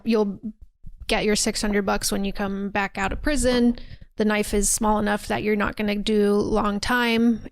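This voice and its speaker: A woman's voice: mid-range voice, vocal fry, no echo, studio quality. A woman hosting a podcast, casually recapping a horror movie, swearing and acting out the characters' lines. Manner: chatty, acts out quotes, swears freely.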